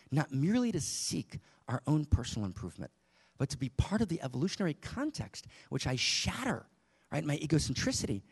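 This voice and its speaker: A man's voice: a little high, vocal fry, darkish tone, breathy edge. A man giving an impassioned spiritual teaching talk to a live audience in a room, asking many rhetorical questions.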